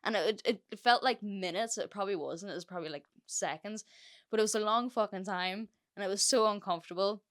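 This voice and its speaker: A woman's voice: medium pitch, a little fast. A young woman hosting a solo podcast, telling a story in a chatty, sweary way with lots of fillers. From Ireland. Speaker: podcast host.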